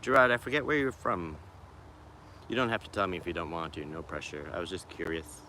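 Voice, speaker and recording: A man with a Boston accent talks in a low, forceful voice, rambling and greeting viewers by name as he livestreams. He speaks into a phone on a selfie stick from a small wooded patch in the city. Faint city noise runs behind him. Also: brisk. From Boston, USA. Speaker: vlogger livestreaming. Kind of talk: casual livestream chat.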